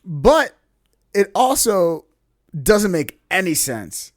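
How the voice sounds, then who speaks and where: A young man with a slightly high voice tells a story on a podcast, laughing often and acting out the people in it. The sound is dry and close, with no room behind him. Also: slow pace, no echo. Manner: animated, laughs often, acts out quotes. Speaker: podcast co-host. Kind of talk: casual storytelling chat.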